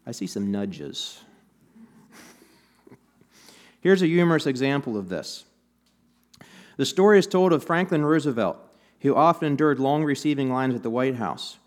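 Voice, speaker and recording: A male pastor delivers a sermon in a relaxed, conversational voice at an ordinary middle pitch. He leans into anecdotes and light humor while talking to his congregation in a church. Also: unhurried, pauses often.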